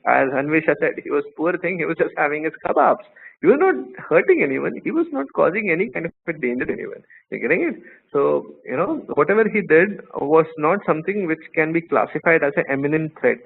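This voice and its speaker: A man's voice: fairly high pitch, very animated, a little fast, vocal fry, slightly rough. A man teaching a law class online, telling playful stories and quizzing his students. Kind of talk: live online class lecture. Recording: tinny phone-like line, faint noise.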